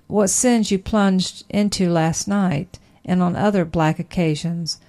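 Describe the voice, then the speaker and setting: A woman reading an old sermon aloud in a measured, emphatic preaching manner. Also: medium pitch, mellow. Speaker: sermon reader.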